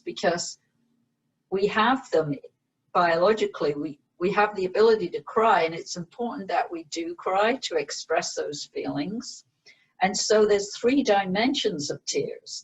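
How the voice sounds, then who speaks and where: Slow, breathy-voiced woman teacher. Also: lowish voice, low-quality recording. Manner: slow, gentle, explanatory. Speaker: meditation teacher and author guest. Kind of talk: interview conversation.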